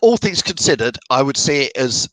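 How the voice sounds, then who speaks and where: A man's voice: medium pitch, very animated, normal speed, a bit bright, no room sound, poor audio. A middle-aged man from the of England hosting a fan live stream, chatting and reading out viewer comments. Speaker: fan channel host.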